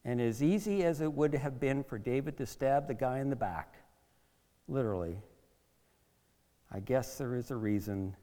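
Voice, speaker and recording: A man's voice: mid-range voice, lively intonation, unhurried, in a large hall. A male preacher retelling a Bible story in the first person, in a theatrical but conversational way.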